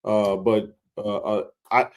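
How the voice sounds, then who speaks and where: A man's voice: fairly low pitch, flat delivery, slow pace. A man from Mississippi, hosting a sports livestream and telling a long story in a fired-up, chatty way with lots of fillers. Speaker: sports talk show host.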